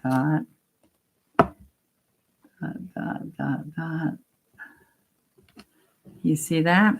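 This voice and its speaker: With a rumbling low, creaky voice, this woman leads a painting demonstration, walking through each step in a chatty, gently coaxing way and muttering to herself while she paints.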